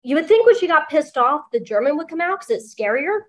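Lively woman author telling stories. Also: high-pitched, a little fast. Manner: lively storyteller, quotes people in funny voices. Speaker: author and guest. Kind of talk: casual interview chat.

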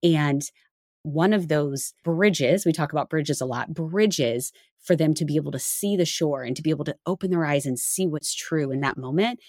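A woman's voice: normal speed, no echo, clean studio sound. A woman co-hosting a faith-based parenting podcast, talking casually and acting out what parents say. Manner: animated, acts out quoted parents in higher voice. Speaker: podcast co-host.

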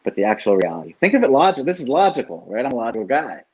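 A man's voice: mid-range voice, very animated, very fast, husky, dull audio. A man who works as a life coach, talking casually and animatedly, swearing now and then and often asking "right?". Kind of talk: casual podcast conversation.

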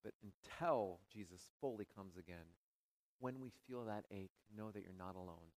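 A male pastor preaching a sermon, with dramatic rises into near shouting and hushed, quiet drops. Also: fairly low pitch, normal speed, dry recording, poor audio.

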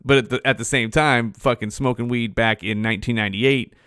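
A man's voice: mid-range voice, fairly even intonation, a little fast, fairly bright tone, smooth, dry recording, clean studio sound. A man in his forties casually telling rambling, profane stories as a podcast host. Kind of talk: casual storytelling.

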